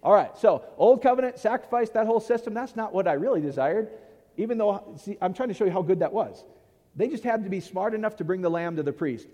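High-voiced pastor preaching in an echoing hall. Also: male voice, expressive, fast talker, dark tone. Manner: conversational preaching, keeps asking "follow me?". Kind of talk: sermon. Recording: long hall reverb.

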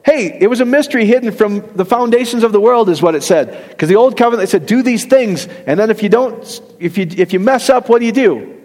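This middle-aged man's high voice has lively intonation and a slightly mellow tone, and he talks a little fast. He preaches a humorous, chatty sermon in a church hall, regularly questioning listeners and laughing at his own jokes, with the hall's long reverb audible.

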